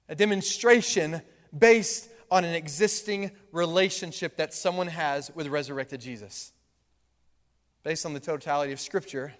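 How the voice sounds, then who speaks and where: A man preaching a sermon as pastor, swinging from soft asides to loud emphasis. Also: high voice. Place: church sanctuary. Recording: long hall reverb.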